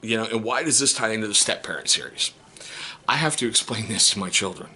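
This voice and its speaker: A middle-aged step-parent vlogger, angry and holding himself back, talking through a painful family situation in a personal monologue. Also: male voice, lowish voice, expressive, fast, slight background noise. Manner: seething, restrained, voice cracking into sharp outbursts.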